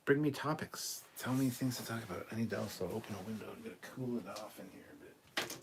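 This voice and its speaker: A tired Canadian man hosts a late-night livestream from a warm room at home, reading viewer comments aloud and answering them frankly while swearing freely. His voice is fairly low and fast, with noise in the background.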